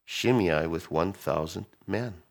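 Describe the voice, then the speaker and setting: Deep gravelly-voiced preacher. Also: male voice, slow pace. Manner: animated, acts out quotes, drops to hushed tones. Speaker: pastor. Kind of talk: sermon.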